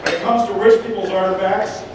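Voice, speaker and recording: An actor playing a cocky, bumbling private detective with swaggering, hard-boiled bluster in a live dinner-theatre comedy. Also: male voice, high voice, little pitch movement, fairly quick, close to an everyday voice. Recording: echoey room from far off, music and noise.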